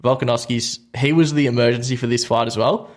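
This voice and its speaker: A young Australian man co-hosting a sports podcast, talking in a relaxed, chatty way and laughing often. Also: mid-range voice, fairly quick. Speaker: podcast co-host. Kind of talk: casual sports chat.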